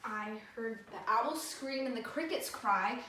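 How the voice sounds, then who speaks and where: A woman playing Lady Macbeth, a sharp, impatient noblewoman with clipped replies, in an amateur Shakespeare reading. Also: a little high, a little slow. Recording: distant, echoey room with faint noise.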